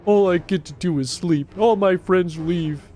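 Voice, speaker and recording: A man voicing his pet dog as a dramatic, excitable male dog, whiny and sulky. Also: high voice, a little slow, soft background music, pitched above the performer's own voice.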